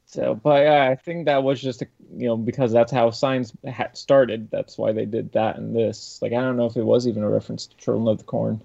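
A man chats in a laid-back way, his voice gravelly with vocal fry. He trails off mid-sentence, and the recording sounds dull. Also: medium pitch, flat delivery, a little fast, few pauses, dark tone. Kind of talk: casual podcast chat.

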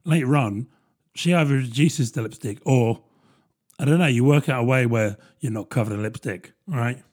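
Guy in his 30s rambling on a solo podcast, husky voice, lots of ums and rights. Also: mid-range voice, normal speed, darkish tone. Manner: rambling, self-deprecating, lots of fillers. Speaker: podcast host. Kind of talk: casual solo podcast monologue.

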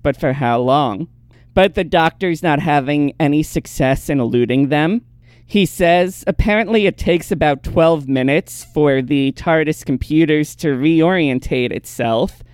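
A woman's voice: sits low, measured pace, darkish tone, smooth, dry recording. A woman hosting a podcast, recapping an episode in casual chat and laughing often. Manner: narrates plot, laughs often.

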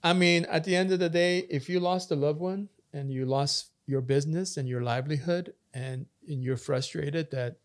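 A man's voice: on the high side, moderate pace, few pauses. Man, pastor, rambling storyteller, casual podcast chat. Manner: talkative, storytelling with many fillers and restarts.

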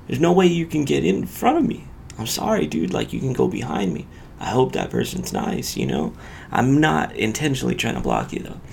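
A man's voice: medium pitch, creaky, darkish tone, slight background noise. A male podcast host casually telling a profane road-rage story in loose street slang.

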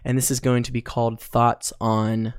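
A man's voice: mid-range voice, flat delivery, moderate pace, clear, resonant tone, no room sound, clean studio sound. A young adult man hosting his own podcast, talking casually in a loose, rambling way full of ums and likes. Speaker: podcast host. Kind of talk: casual solo podcast monologue.

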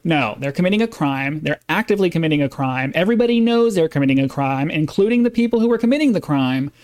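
Male podcast host, fairly high voice, insistent opinion rant. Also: lively intonation, fast talker, a little mellow. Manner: emphatic, insistent, with frequent restarts. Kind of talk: opinion monologue.

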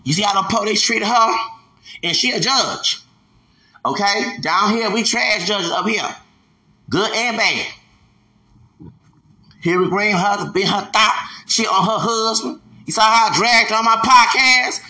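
A man in his forties with a drawl rants on his podcast, emphatic and repetitive, hammering every point home. His voice sits high for a man and rings very bright and sharp. The sound bounces around an echoey room. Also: a little slow, long pauses. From Houston, Texas. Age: 40s. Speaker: podcast host. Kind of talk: ranting podcast monologue.

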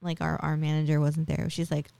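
A woman's voice: low voice, completely flat delivery, a little fast, gravelly, warm tone, clean tone, dry recording. A woman in her forties hosting a podcast, telling a personal story in a chatty, casual way full of tag questions and fillers. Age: 40s. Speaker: podcast host.

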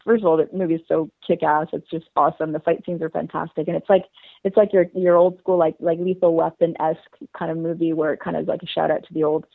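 A woman guest talks quickly and eagerly, piling up fillers as she tells her story, with a gravelly edge to her voice. The sound is dry and squeezed, like a phone line. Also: low voice, steady tone, no room sound. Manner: fast, bubbly storytelling with many fillers. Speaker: interview guest. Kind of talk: casual interview.

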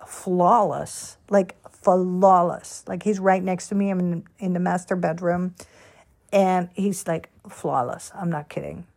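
A woman's voice: mid-range voice, darkish tone. A woman hosting a casual solo podcast from her bedroom at home, talking in a candid, rambling way with lots of fillers. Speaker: podcast host.

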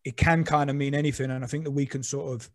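A man's voice: mid-range voice, fairly even intonation, quick pace, no echo. Man, casual podcast talk, reflective, swears casually, lots of fillers, dry close recording.

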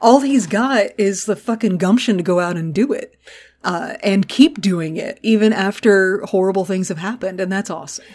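A woman co-hosting a casual podcast, recapping a TV episode in animated, swear-heavy chat. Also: medium pitch, moderate pace. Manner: animated, swears freely, acts out character lines. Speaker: podcast co-host.

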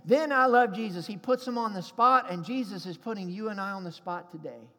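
A man's voice: high voice, a little fast, pushed and bright, in a large hall. A pastor preaching a sermon to his congregation in a church, emphatic and calling for responses.

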